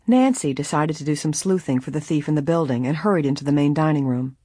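An audiobook reader narrating a mystery story in a measured way, with a breathy voice. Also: mid-range voice, mellow, no room sound, studio quality. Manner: measured storytelling, voicing each character. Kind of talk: scripted narration.

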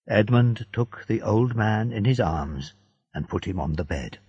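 An audiobook narrator reads a graded reader as scripted narration, in a slow, deliberate storybook manner. His voice is lowish, gravelly and dark-toned, captured in a dull, dry, lo-fi recording.

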